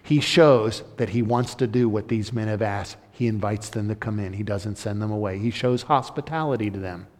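A man preaching a sermon, retelling a scripture story in an explanatory, animated way. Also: lowish voice, normal speed, hardly any pauses. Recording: long hall reverb.

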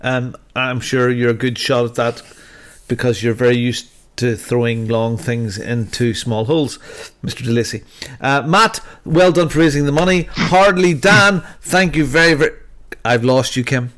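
A man's voice: medium pitch, normal speed, fairly bright tone. A man hosting a podcast in a casual, jokey way, rambling with plenty of fillers. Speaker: podcast host.

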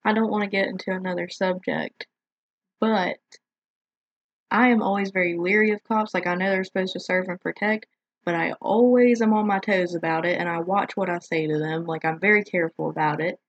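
A woman's voice: fairly low pitch, fairly even intonation, fairly quick, no room sound, muffled recording. A woman in a casual discussion, speaking frankly and with strong opinions, saying "like" often.

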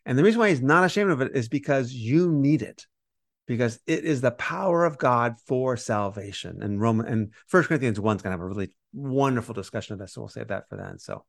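A man co-hosting a Bible study podcast, explaining scripture in a lively conversational teaching style and acting out the quoted voices. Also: mid-range voice, fairly quick, no room sound, studio quality. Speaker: podcast co-host teaching on Romans.

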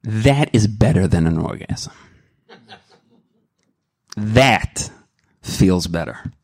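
A man's voice: lowish voice, animated, very slow, darkish tone, husky, no echo, studio quality. A middle-aged man giving an earnest, rambling personal testimony at a recovery meeting, full of restarts and candid emotion. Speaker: member sharing at a recovery meeting.

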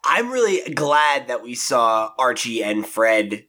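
A man hosting a casual podcast chat, relaxed and hesitant, with lots of fillers. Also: mid-range voice, takes it slowly. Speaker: podcast host.

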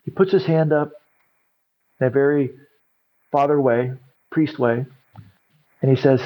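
A man's voice: mid-range voice, fairly even intonation, unhurried, pauses often, highs cut off. A middle-aged man, a recovery coach, telling his story in an interview and acting out other people's lines. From California. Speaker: podcast guest, recovery coach.

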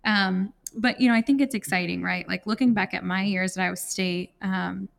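Gravelly young woman hosting a podcast. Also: mid-range voice, fairly even intonation, normal speed. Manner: friendly, laughs easily, many fillers. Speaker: podcast host. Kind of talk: conversational podcast interview.

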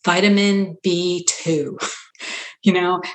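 A middle-aged woman family physician telling stories in an earnest conversational interview, animated when she quotes others. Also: lowish voice, slow pace. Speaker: family physician, practice founder. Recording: roomy echo.

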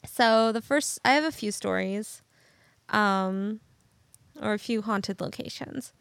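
A woman's voice: medium pitch, slow, creaky, a bit bright, clean tone, dry recording. A woman co-hosting a casual podcast, telling stories in a giggly, rambling way. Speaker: podcast co-host. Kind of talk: casual chat.

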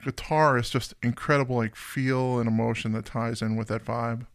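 A man co-hosting a casual music podcast with a gravelly, creaky voice at a middle pitch. He talks in a joking, rambling, chatty way. The room sounds dry and close. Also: steady tone, moderate pace, no room sound. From United States. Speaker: podcast co-host.

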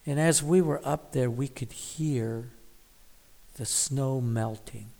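A man's voice: medium pitch, slow, gravelly, dark tone, big-room sound. A man giving a devotional Bible reading and reflection, thoughtful, sometimes dropping to a whisper on key words. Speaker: Bible teacher.

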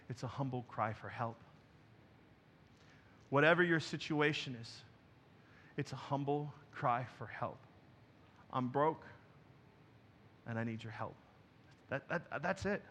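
A man, a pastor, preaching a sermon from a church stage, moving between quiet, intimate passages and loud, emphatic ones. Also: fairly high pitch, slight background noise.

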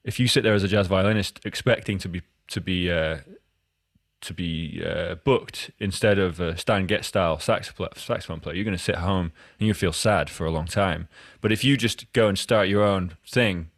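A man's voice: sits low, normal speed, gravelly, no room sound, clean studio sound. A Scottish man hosting a podcast interview, talking in a loose, rambling way with many restarts. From Scotland. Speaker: podcast host. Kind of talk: casual interview chat.

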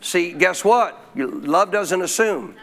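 High-pitched guy preaching, keeps asking the crowd questions, slows way down on the big points. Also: lively intonation, fairly bright tone. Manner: call-and-response preaching with frequent questions to the congregation; slows to stress key phrases. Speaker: pastor. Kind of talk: sermon.

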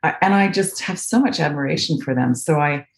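Low-voiced North American woman, chatty. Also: a little fast. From Canada. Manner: chatty, thoughtful, many fillers and restarts. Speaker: voice actress guest. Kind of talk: casual interview chat. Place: home, remote video call. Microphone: video call.

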